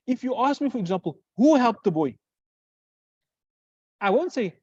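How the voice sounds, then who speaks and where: A teacher giving a grammar lesson who poses questions and answers them, repeating example phrases slowly. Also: medium pitch, big pitch swings, darkish tone, breathy edge, no echo. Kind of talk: classroom lecture. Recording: dull lo-fi recording.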